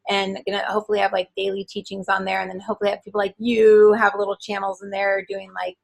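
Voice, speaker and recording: An animated woman in her forties talks enthusiastically as an interview guest and scatters filler words through her sentences. Her voice is husky and breathy. Her pitch sits in the middle of the range. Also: quick pace, poor audio. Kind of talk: casual interview chat.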